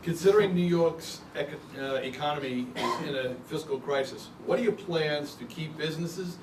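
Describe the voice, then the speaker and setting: A man reading out questions in a matter-of-fact way, heard from across a roomy hall. His voice sits at a middle pitch, with faint noise around him. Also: normal speed. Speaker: question moderator. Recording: echoey room, far from mic, faint noise.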